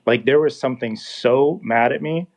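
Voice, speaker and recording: A man in his thirties telling his own story in a casual, animated way, acting out the dialogue as he goes. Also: medium pitch, normal speed, creaky. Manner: animated, acts out dialogue in quotes. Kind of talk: casual first-person storytelling. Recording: dull lo-fi sound.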